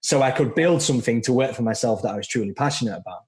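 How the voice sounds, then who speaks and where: A man's voice: mid-range voice, quick pace. Blunt northern English man. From northern England. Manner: blunt, outspoken, swears freely. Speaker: guest, coach. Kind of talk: casual podcast conversation.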